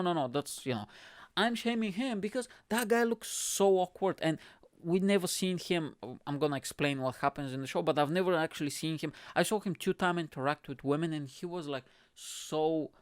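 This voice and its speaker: A man hosting his own show, talking in a casual, rambling and animated way, swearing and laughing often. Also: on the high side, smooth, dry recording, studio quality. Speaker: podcast host. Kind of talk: casual solo commentary.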